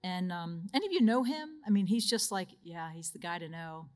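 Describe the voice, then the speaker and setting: A woman's voice: on the low side, lively intonation, a little fast, a little mellow. Woman religious sister giving a retreat talk. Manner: anecdotal and personal, laughing between stories.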